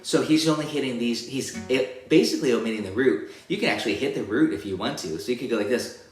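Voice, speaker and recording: A man giving a casual guitar lesson, counting beats and singing rhythms as syllables in a relaxed, rambling way. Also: mid-range voice, quick pace. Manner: sings rhythms as syllables while demonstrating on guitar; relaxed, rambling explanations with restarts. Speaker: guitar teacher. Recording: roomy room with loud guitar playing.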